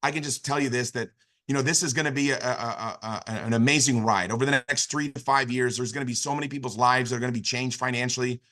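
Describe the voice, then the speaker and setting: A man giving an enthusiastic motivational business pitch on a video call, telling a long story with lots of "literally" and "you know". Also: steady tone, quick pace, sharp tone. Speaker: business opportunity speaker.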